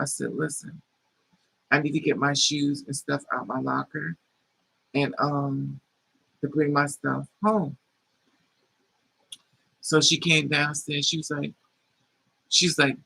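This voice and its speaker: A man's voice: a little high, vocal fry, breathy edge, poor audio. A man telling a personal story in a casual vlog, animatedly acting out other people's quoted lines and swearing freely. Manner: animated retelling that acts out quoted dialogue. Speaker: vlogger.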